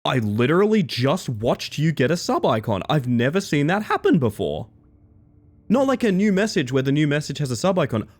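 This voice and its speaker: A man live-streaming, chatting with his viewers in a playful, excitable way. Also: on the high side, moderate pace. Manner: playful, excitable, talks to chat. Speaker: livestreamer. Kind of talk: casual live-stream chat.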